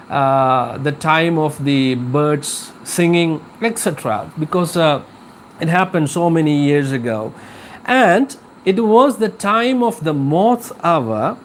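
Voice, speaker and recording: Slow, explaining male English teacher. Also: fairly high pitch, slight background noise. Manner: slow, explanatory, many filler pauses. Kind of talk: live class lecture on a poem.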